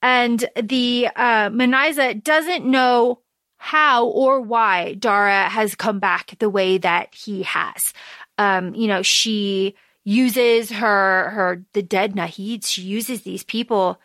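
A woman co-hosting a podcast, retelling a story in casual chat, animated and full of fillers. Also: medium pitch, slow, dry recording, studio quality. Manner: chatty, animated retelling with fillers and quoted asides. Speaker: podcast co-host. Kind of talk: casual book discussion.

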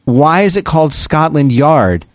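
A man's voice: on the high side, sing-song, measured pace, no echo, studio quality. A man co-hosting a podcast, chatting casually and rambling through an ad read. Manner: chatty, rambling, self-interrupting. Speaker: podcast co-host.

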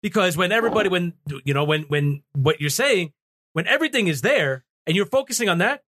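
A man co-hosting a podcast, talking in an animated, sarcastic way and swearing. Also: high-pitched, a little fast. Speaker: podcast co-host. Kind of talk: casual political podcast talk.

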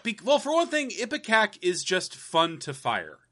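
A man's voice: sits high, huge pitch swings, moderate pace, a bit bright. A man co-hosting a casual gaming podcast, talking in a wry, jokey way. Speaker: podcast co-host.

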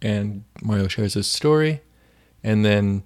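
A man's voice: lowish voice, slow, darkish tone. A man co-hosting a faith podcast, chatting casually and retelling stories with many fillers. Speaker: podcast co-host.

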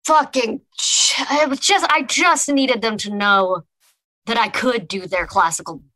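A woman's voice: a little high, measured pace, sharp tone, no room sound, low-quality recording. A woman doing a brash, swearing musician. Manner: swears freely, breezy and teasing. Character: brash female musician, cocky and profane.

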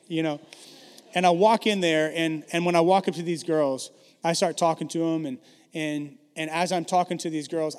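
A man delivers a storytelling sermon in a conversational, self-deprecating way, full of false starts. His voice sits a little high for a man. The sound carries the long reverb of a large church hall. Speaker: pastor.

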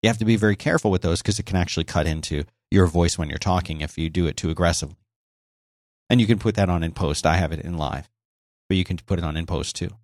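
A man's voice: deep voice, fast talker, a little mellow, dry recording. A man hosting a casual solo podcast, talking in a conversational, explanatory way with frequent restarts, on a close dynamic microphone in a home office. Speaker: podcast host. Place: home office by a busy highway. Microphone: close dynamic microphone with noise gate.

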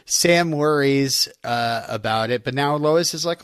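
A man co-hosting a casual recap podcast walks through the plot of an episode. His voice is bright and forward and sits in the middle range. The recording is dry and close, with no room sound. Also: medium pitch, unhurried, hardly any pauses, smooth, dry recording. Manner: recaps plot, laughs often, self-deprecating jokes. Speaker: podcast co-host.

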